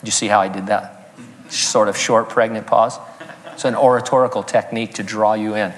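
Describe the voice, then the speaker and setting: A man's voice: fairly low pitch, steady tone, brisk, long reverb tail. A man preaching a sermon as pastor, breaking in with joking asides and chuckling at his own jokes. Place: church sanctuary.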